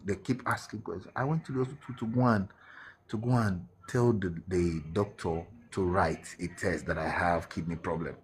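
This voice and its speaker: Deep-voiced Nigerian man recounting. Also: darkish tone, a little hiss or hum. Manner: earnest, mixes Pidgin, halting restarts. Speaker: guest telling his story. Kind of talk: emotional personal testimony.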